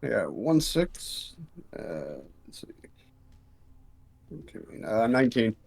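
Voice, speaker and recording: A man's voice: fairly low pitch, very animated, takes it slowly, vocal fry, darkish tone. A man taking his turn as a player in a tabletop game, talking casually and unhurriedly.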